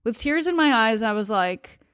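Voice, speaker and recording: Woman host, young, confessional storyteller; bright-ish high voice, dry close sound. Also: animated, normal speed, smooth, dry recording. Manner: candid, confessional, laughs between words. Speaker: podcast host. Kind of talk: personal storytelling.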